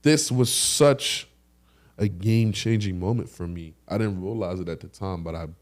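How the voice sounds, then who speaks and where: A young man with a fairly low voice co-hosts a casual podcast. He tells stories with lots of energy and throws in sound effects to act out what happened. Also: normal speed. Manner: animated storyteller with sound effects. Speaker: podcast co-host.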